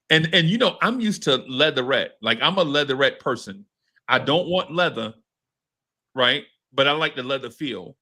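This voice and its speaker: A man's voice: medium pitch, moderate pace. A man hosting a podcast, telling a story in casual, slangy chat and acting out what people said. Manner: animated, slangy, swears, acts out quotes. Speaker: podcast host.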